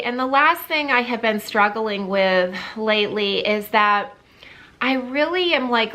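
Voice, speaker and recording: Woman, 50s, vlogger, candid and heartfelt, halting, unhurried, bright tone. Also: on the high side. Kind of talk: personal talk to camera.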